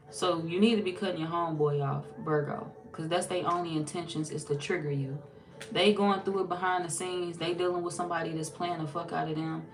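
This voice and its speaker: A woman doing a casual tarot reading, blunt and sassy, swearing freely and talking straight to the viewer. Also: sits low. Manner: blunt, sassy and heavily profane; animated, talks straight to the viewer. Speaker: tarot reader.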